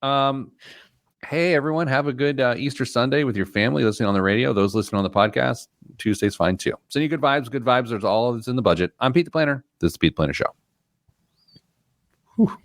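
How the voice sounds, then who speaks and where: A man's voice: mid-range voice, fast, no echo. Guy hosting a radio show, joking around and poking fun at himself, dry close studio sound. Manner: joking, self-deprecating banter. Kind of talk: casual chat.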